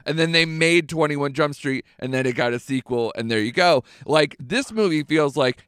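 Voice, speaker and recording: A man's voice: a little high, normal speed, hardly any pauses, fairly bright tone, smooth, no echo, clean studio sound. A man in casual podcast chat who agrees readily and chimes in often. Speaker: podcast co-host.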